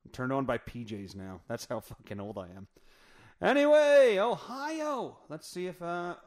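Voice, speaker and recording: A man's voice: medium pitch, very animated, a little fast. A man hosting a podcast, riffing crudely through a news story in a rambling, profane, off-the-cuff way. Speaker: podcast host. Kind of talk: crude comedic news rant.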